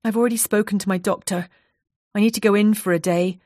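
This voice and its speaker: A woman's voice: mid-range voice, steady tone, fast talker, darkish tone, no echo, studio quality, voice pushed up, lightly acted. A woman voicing a distressed young woman who speaks in a raised, insistent, emotional way.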